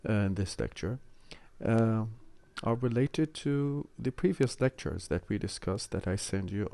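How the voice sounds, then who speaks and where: A man lecturing university students on English word stress, speaking in a measured, explanatory way with frequent hesitations. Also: sits low, vocal fry, warm tone. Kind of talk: recorded online lecture.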